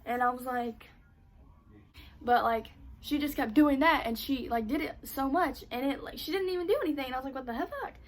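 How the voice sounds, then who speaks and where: Young woman on a storytime vlog, chatty, lots of "like", cusses a bunch, kinda high voice. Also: brisk. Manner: casual, animated, says "like" a lot, swears freely. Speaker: vlogger.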